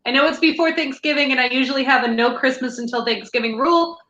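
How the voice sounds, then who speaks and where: A woman with a high, bright voice co-hosts a casual podcast chat, eager and quick to steer the conversation onward. Her voice rings a little in an echoey room. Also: muffled recording. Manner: chatty and enthusiastic, steering the conversation. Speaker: podcast co-host.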